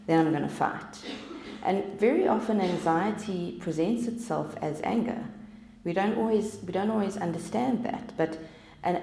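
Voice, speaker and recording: A woman's voice: fairly low pitch, gravelly, darkish tone. A woman, giving an informal talk to an audience at a wellness event, chatty and acting out the voices she quotes. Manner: chatty, acts out quoted voices, laughs at herself. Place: event room. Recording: roomy echo.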